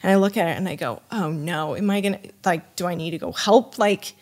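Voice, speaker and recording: A woman's voice: lowish voice, brisk. A woman guest on a podcast, telling a story in casual chat, acting out the voices of the people in it and filling her talk with "you know" and "like". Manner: animated, acts out quoted dialogue; loose, full of fillers like "you know" and "like". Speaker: podcast guest, wine sommelier.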